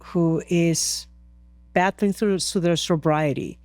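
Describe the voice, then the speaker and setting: A woman's voice: lowish voice, slow pace, a little mellow, no echo. A woman from Peru, a podcast interview guest, telling a story earnestly and emotionally, with many restarts.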